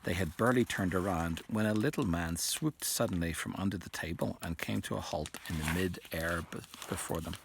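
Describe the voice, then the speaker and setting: Deep-voiced man reading a novel. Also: brisk, creaky, hardly any pauses, background noise. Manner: occasional slips and restarts. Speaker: reader.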